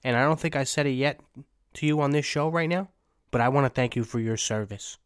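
A man's voice: mid-range voice, brisk, clear, resonant tone, dry recording, clean studio sound. A man hosting a podcast, chatting casually with a guest in a playful, mock-stern way. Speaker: podcast host.

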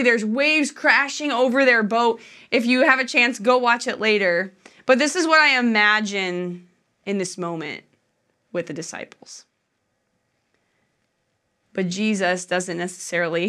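A woman's voice: mid-range voice, sharp tone, smooth. A woman preaching a sermon in a church, telling the story in a chatty, conversational way with frequent fillers.

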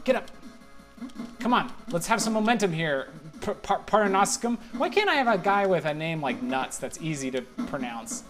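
A man giving casual, rambling commentary while playing a video game, mocking his own mistakes and breaking into sudden exclamations. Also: fairly high pitch. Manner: rambling, self-deprecating play-by-play with sudden exclamations. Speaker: let's play gamer.

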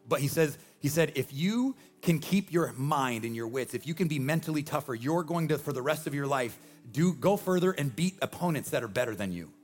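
A man in his forties delivers a sermon at a rapid clip, his voice sitting a little high for a man. He preaches with energy and emphasis, driving points home with repeated refrains. Soft music plays faintly behind him. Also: lively intonation. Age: 40s. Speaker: pastor.

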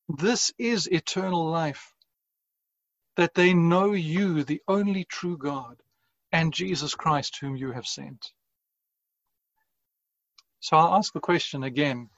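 A man preaching a sermon as pastor, in an earnest, measured way with deliberate pauses. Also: fairly high pitch, fairly bright tone, no echo, dull audio.

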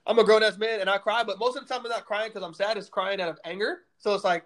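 A young man in his twenties with a high voice and a quick, tumbling delivery. He co-hosts a casual podcast and tells stories in blunt, profane, animated bursts. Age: 20s. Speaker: podcast co-host. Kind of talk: casual chat.

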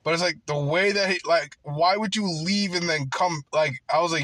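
A man with a slightly higher voice rambles through a casual story, cursing often and padding every thought with fillers. The sound is very dry and close, with no room around it. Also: normal speed, hardly any pauses, fairly bright tone, no room sound. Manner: rambling, heavy swearing, many fillers like "like". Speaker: worker on a night job.

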